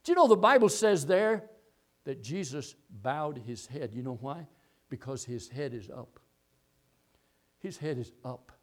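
A male pastor preaching a sermon, moving from low, quiet asides to loud, impassioned passages. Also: animated, unhurried, pauses often.

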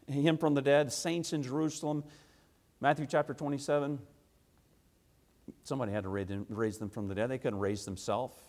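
A man preaching a sermon, swinging from quiet low asides to loud, emphatic, rhythmic repetition.

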